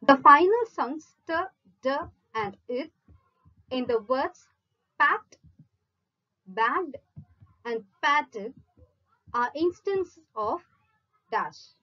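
A woman reads exam questions aloud in a measured, unhurried lesson, pausing through each option in turn. Her voice sits high and swings widely in pitch. The recording sounds a little muffled and lo-fi. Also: very animated, sharp tone. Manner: measured, reads each option in a list then gives the answer. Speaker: teacher reading exam questions. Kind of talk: slow read-out quiz lesson.

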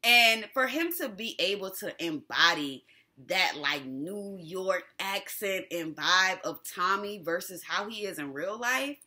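A woman hosting a casual TV episode recap, animated and slangy, who laughs often. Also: medium pitch. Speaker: TV recap host.

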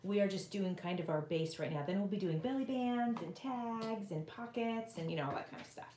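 A woman's voice: medium pitch, fairly quick, mellow, a little hiss or hum. Woman, middle-aged, livestream host, casual rambling chat, home craft room, roomy echo. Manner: chatty, rambling, reads comments aloud.

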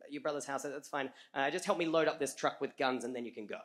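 A man's voice: mid-range voice, quick pace, fairly bright tone, a little hiss or hum, pitched below the performer's own voice, lightly acted. An Australian man voicing his very serious, stern and impatient older father, in a curt, matter-of-fact way.

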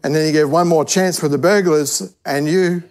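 A man's voice: a little high, fairly even intonation, normal speed, darkish tone. A man preaching a sermon to a church service, telling a parable in an easygoing, conversational way and often restarting his sentences. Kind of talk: sermon teaching.

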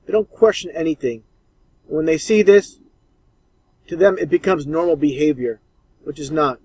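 A man's voice: a little high, moderate pace, darkish tone, breathy edge, dry recording, rough recording. A man commenting scornfully and insistently over old clips.

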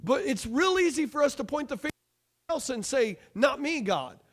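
Man, pastor, very high voice, lively sermon, rhetorical questions, joking asides. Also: normal speed.

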